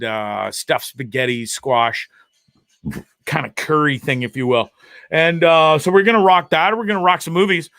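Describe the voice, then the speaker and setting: A man's voice: a little high, sharp tone, no echo, clean studio sound. A middle-aged man from Canada hosting a casual show, rambling crudely about his day, swearing freely and repeating himself. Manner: crude, profane, self-mocking and rambling; repeats words and restarts a lot. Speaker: host.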